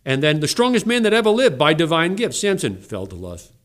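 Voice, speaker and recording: A man who is a pastor, preaching a sermon in a church and swinging between loud emphasis and low, mocking asides. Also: wildly swooping pitch, a little fast.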